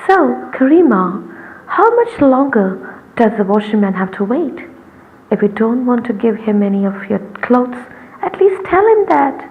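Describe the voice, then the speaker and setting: A woman's voice: fairly high pitch, big pitch swings, unhurried, voice pushed up. A woman voicing a young niece who speaks piercingly and impatiently, in a slightly muffled recording.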